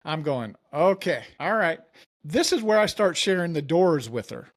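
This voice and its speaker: A man's voice: on the high side, sing-song, moderate pace. A man, a mortgage company founder, telling his story in a casual interview and acting out the dialogue.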